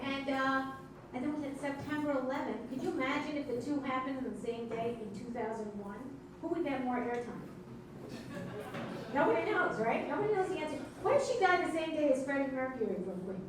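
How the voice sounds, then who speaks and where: A high-voiced woman from Brooklyn, New York emcees stand-up comedy in a club, doing wry, teasing crowd work. The recording is echoey club audio captured from far off, with background noise.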